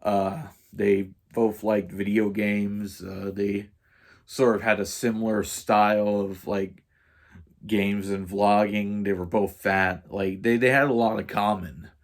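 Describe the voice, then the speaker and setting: A man's voice: on the low side, flat delivery, slow. A man vlogging as he tells a story in a rambling, profane rant, full of fillers and restarts.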